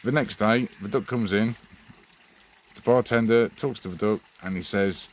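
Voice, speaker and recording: A man's voice: fairly low pitch, normal speed, slight background noise. A man hosting his own channel, chatting in a rambling, friendly way. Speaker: channel host. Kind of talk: casual vlog address.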